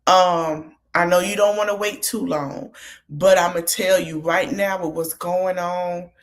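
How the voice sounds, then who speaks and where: A woman's voice: lowish voice, steady tone, a little slow. A woman hosts a podcast and recaps a reality show in easy, casual talk. She keeps stopping to give the cast frank, motherly advice, as if she were talking to them face to face. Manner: chatty, gives motherly advice straight to the cast.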